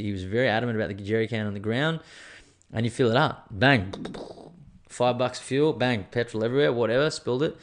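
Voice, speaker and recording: Rambling, swearing Australian man in his 30s. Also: mid-range voice. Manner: rambling, crude and self-mocking, swears often. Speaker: podcast host. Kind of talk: casual solo podcast chat.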